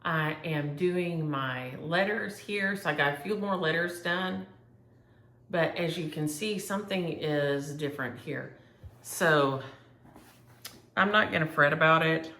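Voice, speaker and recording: A woman's voice: low-pitched, measured pace, pushed and bright, reverberant. A woman chatting casually and rambling as she shows her cross-stitch projects to viewers. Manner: chatty, rambling, thinks aloud. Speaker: flosstube host.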